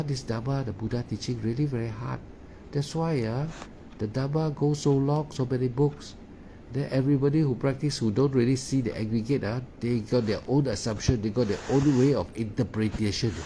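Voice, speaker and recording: A man gives a meditation talk in halting, non-native English, filling his pauses with "ah" and "uh" and repeating words. His voice is mellow and relaxed. Faint noise sits under the recording. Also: mid-range voice. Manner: hesitant, frequent "ah" fillers and repeated words. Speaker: meditation teacher. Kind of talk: Dharma talk.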